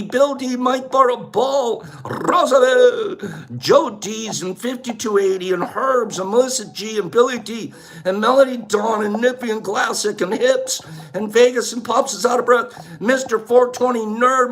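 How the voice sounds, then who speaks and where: A man with a high voice signs off his livestream at an unhurried pace, reading out viewers' names one after another. He sounds upbeat and playful, and he lifts his pitch on many of the names. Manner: upbeat, reels off long lists of viewer shout-outs. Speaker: livestream host. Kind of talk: casual livestream sign-off.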